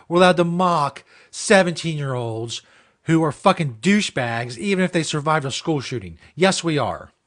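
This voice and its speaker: A man's voice: mid-range voice, a bit bright. A man hosting a comedy show, ranting and mocking with heavy swearing. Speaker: host. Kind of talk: profane comedic rant.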